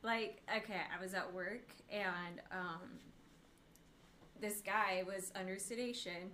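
A young woman co-hosting a podcast, chatting casually and telling stories in an animated way. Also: medium pitch, slow, slight background noise. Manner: animated storyteller, acts out quotes. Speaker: podcast co-host. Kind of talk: casual chat, storytelling.

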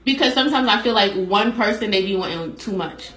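A woman co-hosting a podcast, talking through her views in a measured, reflective way in casual chat. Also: medium pitch, expressive, a bit bright. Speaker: podcast co-host. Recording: echoey room.

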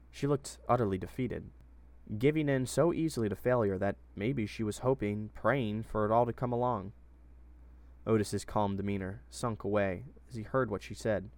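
A man reading his own fantasy story aloud in steady, plain narration. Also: lowish voice.

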